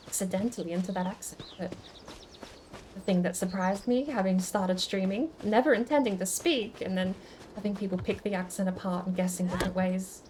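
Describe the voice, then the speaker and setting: A woman's voice: mid-range voice, dark tone, slight background noise. Chatty musing woman streamer. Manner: chatty and musing, with many restarts; answers chat comments aloud. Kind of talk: casual stream chat.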